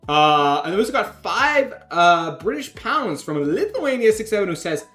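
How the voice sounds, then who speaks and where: Chatty, lively young man streaming. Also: high voice, normal speed, faint music behind. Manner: chatty, jokey, reads donations aloud, laughs often. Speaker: game developer streamer judging fan art. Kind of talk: casual livestream commentary.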